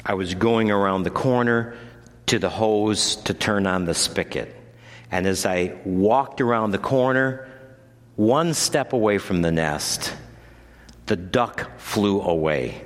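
A man preaching a sermon as pastor, moving from measured teaching to loud, emphatic proclamation. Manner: builds from low measured teaching to loud, high-pitched preaching. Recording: long hall reverb.

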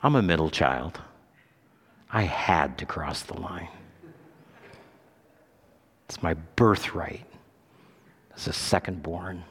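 Male pastor, emphatic sermon delivery, low voice and unhurried pace, long church reverb. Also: fairly bright tone, husky. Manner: emphatic preaching, climbing high on Scripture quotes. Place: church sanctuary.

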